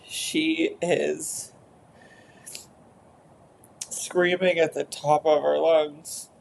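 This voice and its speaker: A woman therapist narrating an inner therapy session in a soft, hesitant way, with many fillers. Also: low voice, little pitch movement, extremely slow, gravelly, a little hiss or hum.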